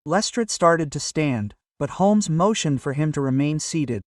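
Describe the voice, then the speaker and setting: A male storyteller reads a period detective tale with even, measured delivery. His voice sits slightly high and comes from a step away from the microphone, in a dry room with no echo. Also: distant mic. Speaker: narrator. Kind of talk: scripted audiobook narration.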